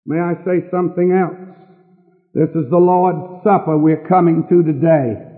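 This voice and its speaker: An older man preaching a sermon from a church pulpit with earnest, emphatic pauses. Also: fairly high pitch, steady tone. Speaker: pastor. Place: church sanctuary. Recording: distant hall on a tinny lo-fi recording.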